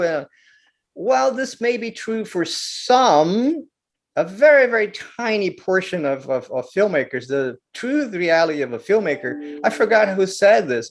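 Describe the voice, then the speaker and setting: A man from Brazil, a guest filmmaker telling stories in an interview, animated and often repeating words as he goes. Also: high voice. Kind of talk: storytelling interview.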